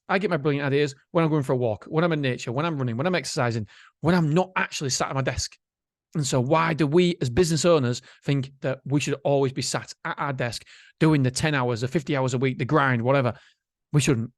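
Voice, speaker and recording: A man hosting a solo motivational podcast, chatty and animated, swearing casually. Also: fairly high pitch, dry recording, studio quality. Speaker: podcast host.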